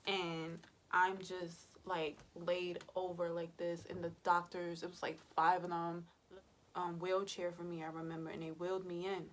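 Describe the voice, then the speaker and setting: Emotional woman telling her story, low voice. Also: flat delivery, normal speed, a little hiss or hum. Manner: emotional, often dropping to a soft whisper; conversational, addresses viewers directly. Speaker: birth worker and mother. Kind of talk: personal storytelling vlog.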